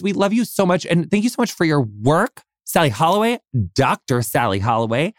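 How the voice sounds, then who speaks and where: A man's voice: a little high, sing-song, fairly quick, few pauses, no room sound, studio quality. An American man hosting a podcast interview, gushing and effusive, full of fillers and casual swearing. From United States. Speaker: podcast host.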